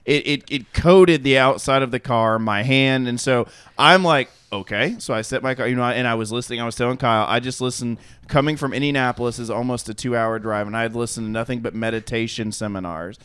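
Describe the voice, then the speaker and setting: A young co-host talks fairly quickly with hardly any pauses, his smooth mid-range voice free of echo. He rambles through a profane, animated anecdote on a podcast, acting out what others said.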